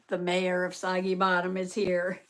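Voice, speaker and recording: A woman's voice: on the low side, fairly bright tone. An older woman from Southern Indiana hosting a casual live art stream, greeting viewers by name and laughing often.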